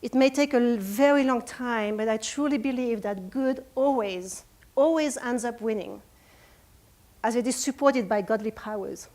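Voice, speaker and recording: A woman's voice: a little high, moderate pace, a little mellow. A woman in her forties with a French accent, giving an earnest, emotional motivational talk at a retreat. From France. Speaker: speaker. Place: retreat conference room.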